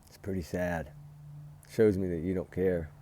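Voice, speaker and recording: A man's voice: sits low, fairly even intonation, normal speed, dark tone, slight background noise. A man giving heated, emphatic casual commentary as a vlogger, recorded outdoors by a fire at night. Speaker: true-crime vlogger.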